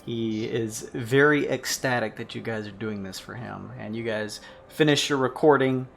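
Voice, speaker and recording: Dude gm narrating a tabletop game, chill, mid voice. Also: male voice, mid-range voice, normal speed, creaky, a little hiss or hum. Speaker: game master.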